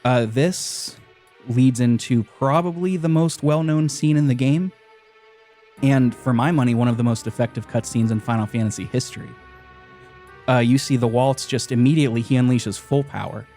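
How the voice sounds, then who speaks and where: A man's voice: mid-range voice, normal speed, faint music behind. Man hosting a casual game podcast. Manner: animated retelling, frequent "uh" fillers. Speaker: podcast host. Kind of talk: casual chat.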